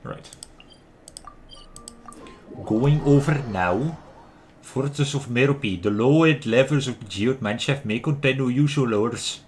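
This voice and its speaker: A man's voice: mid-range voice, unhurried, long pauses, a little mellow, slight background noise. A man casually commenting and joking over a video game as a streamer. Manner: chatty, joking, laughs often.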